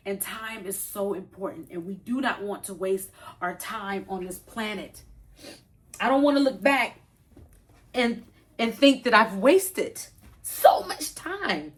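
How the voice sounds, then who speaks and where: Vlogger, woman, 50s, casual rambling chat to camera, earnest and repetitive. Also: mid-range voice. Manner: earnest, rambling, repeats herself for emphasis; folksy, informal talk. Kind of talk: casual chat to camera while doing chores.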